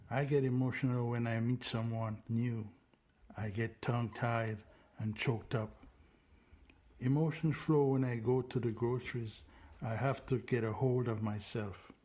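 A man of middle pitch reads his own poem as a guest on a radio show. He recites plainly and earnestly, one short phrase at a time. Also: darkish tone. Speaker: guest poet. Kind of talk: poetry reading on radio.

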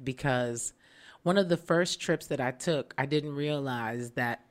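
A woman with a notably low voice tells stories in an easygoing chat. She acts out the people in her stories with lively, exaggerated voices. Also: a little slow. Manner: animated storyteller who acts out other people's voices. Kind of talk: casual chat.

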